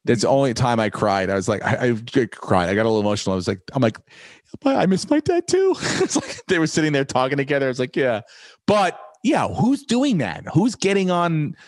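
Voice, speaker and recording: A man hosting a podcast, ranting in a profane, rambling, animated way. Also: medium pitch, fast, no room sound. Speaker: podcast host. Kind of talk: casual podcast chat.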